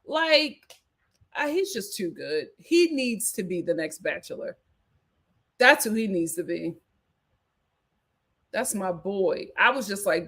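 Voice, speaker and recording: A woman hosting a live reality TV recap, chatting in an animated, gossipy way. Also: mid-range voice, takes it slowly, pauses often. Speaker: host.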